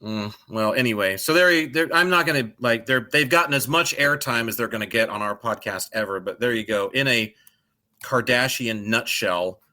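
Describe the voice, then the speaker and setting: A man's voice: mid-range voice, normal speed, pushed and bright. A middle-aged man co-hosting a podcast in casual chat, ranting with profanity and sarcasm. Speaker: podcast co-host.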